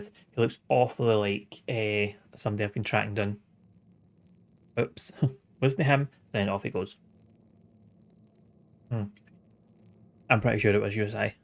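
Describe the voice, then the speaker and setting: A man's voice: fairly low pitch, unhurried, creaky, pauses often. Wry sweary man gaming. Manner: sweary, wry, chuckling asides. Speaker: streamer. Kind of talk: casual let's-play commentary, reading game dialogue aloud.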